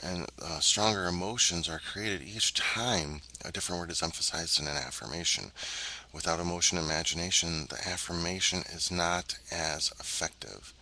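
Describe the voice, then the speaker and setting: Earnest man with a very low, bright voice. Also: steady tone, low-quality recording. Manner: earnest, measured, with frequent ums and uhs; emphatic, addresses viewers directly. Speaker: self-help teacher. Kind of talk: spoken self-help lesson.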